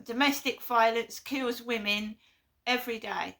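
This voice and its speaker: A woman's voice: on the high side, fairly even intonation, measured pace, creaky, pushed and bright. A woman giving a blunt, earnest vlog monologue, often repeating herself. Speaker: vlogger. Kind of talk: impassioned monologue.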